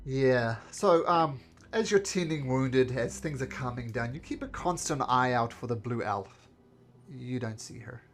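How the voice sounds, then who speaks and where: A man's voice: mid-range voice, lively intonation, measured pace. A man narrating casually as game master of a tabletop game, with plenty of hesitations.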